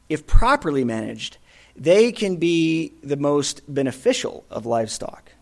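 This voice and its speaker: Animated high-voiced man preaching. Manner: storytelling, swings from loud emphasis to hushed endings. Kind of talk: sermon.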